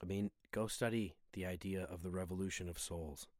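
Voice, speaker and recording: A man with a low voice talks in an earnest, searching way before a workout. He muses and stays humble. The sound is dry and close. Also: steady tone, brisk, no echo. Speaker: fitness video host. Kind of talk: reflective spoken monologue.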